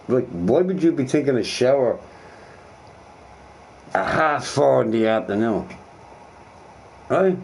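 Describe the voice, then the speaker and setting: Animated sweary man ranting. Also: fairly high pitch, a little hiss or hum. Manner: animated, sweary, repeats phrases. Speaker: live streamer answering chat. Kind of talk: casual ranting chat.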